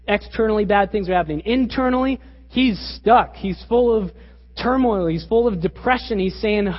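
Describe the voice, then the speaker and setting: Husky high-voiced man preaching in a hall. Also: normal speed. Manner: emphatic preaching with rhetorical questions. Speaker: pastor. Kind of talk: sermon. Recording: reverberant, dull lo-fi hall recording.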